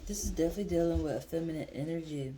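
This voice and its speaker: A woman's voice: deep voice, racing, noisy background. A young woman reading tarot cards in a casual vlog, talking bluntly and swearing freely as she thinks aloud. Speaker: tarot reader.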